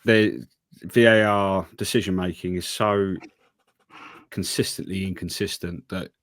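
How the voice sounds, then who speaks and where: A man's voice: low voice, fairly even intonation, a little slow, a bit bright, dry recording, studio quality. A man co-hosting a football podcast, giving opinions in casual chat with many fillers and restarts. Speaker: podcast co-host.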